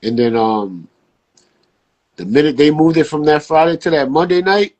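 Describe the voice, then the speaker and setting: A man in casual podcast chat as a guest, telling stories with slang and jumping up in pitch when he acts out quotes. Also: normal speed, long pauses. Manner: animated storyteller, jumps high acting out quotes, casual slang.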